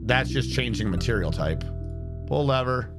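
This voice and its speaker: A man's voice: medium pitch, animated, moderate pace. A man casually thinking aloud as he plays a building game and answers his chat on a stream. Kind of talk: casual gameplay commentary. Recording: game stream with music behind. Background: guitar music.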